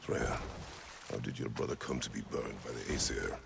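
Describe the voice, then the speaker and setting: A stern, battle-worn warrior god in a video game, speaking in terse, flat lines. His voice sits extremely low and grinds with heavy gravel. Boat and water noise runs clearly under it. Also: normal speed, heavily acted. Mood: grave. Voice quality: deep gravelly growl.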